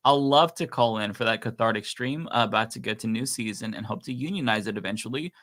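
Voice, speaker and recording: A man with a bright, forward voice talks casually on a livestream. He rambles through fillers and restarts, reads donor messages aloud, and laughs easily. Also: on the low side, fast talker. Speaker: co-host reading donations.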